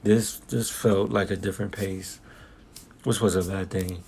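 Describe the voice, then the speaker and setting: A man's voice: sits low, fairly even intonation, a little slow, darkish tone, breathy edge. Young man rambling through a casual review. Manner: rambling storytelling with slang and restarts. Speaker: vlogger reviewing a film.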